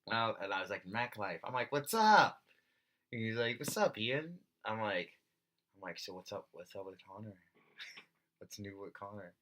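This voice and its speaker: A man's voice: lowish voice, fairly even intonation, normal speed, bright, forceful tone. A man co-hosting a casual podcast, rambling and joking as he retells stories and quotes people. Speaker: co-host, pro MMA fighter.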